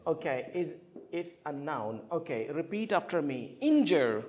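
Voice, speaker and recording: Male classroom teacher, lively high voice, clear questions, drills word stress. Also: a little slow. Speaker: English teacher.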